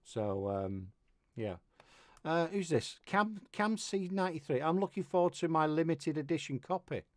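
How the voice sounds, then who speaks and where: A man's voice: on the high side, lively intonation, normal speed, dry recording. A middle-aged man from Manchester with a Mancunian accent, hosting a casual radio interview in a jokey, rambling way. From Manchester, England. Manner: chatty, jokey, rambling with restarts. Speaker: radio show host.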